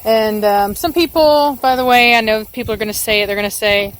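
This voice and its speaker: A woman's voice: on the high side, a little fast, clear, resonant tone. A woman dog breeder chatting casually in her backyard while she waters the garden, rambling along with lots of fillers. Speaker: dog breeder and channel host.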